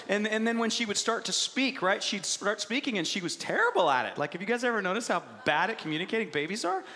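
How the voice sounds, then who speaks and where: A man in his thirties preaching a sermon, animated, acting out voices and swinging between hushed and loud. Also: sits high, fast, few pauses, long reverb tail. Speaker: pastor.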